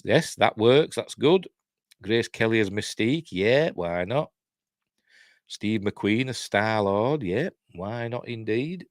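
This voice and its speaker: An older Yorkshire man talks in a low voice, chatting casually as the host of a live stream. He muses aloud with dry, wry asides and often lets his thoughts trail off. The sound is close and dry, with no room around it. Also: no echo. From Yorkshire, England. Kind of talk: casual chat.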